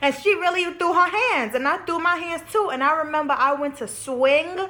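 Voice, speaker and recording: Speaking at a normal speed in an extremely high, pushed and bright voice, a young vlogger shares a story to camera. She's candid and chatty, swears freely, and keeps saying "like" and "you know."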